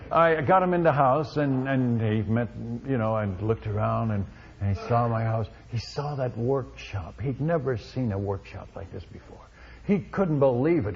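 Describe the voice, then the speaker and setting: A male missionary telling a testimony story in an animated way, with many restarts, on a dull recording. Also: on the high side. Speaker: missionary speaker.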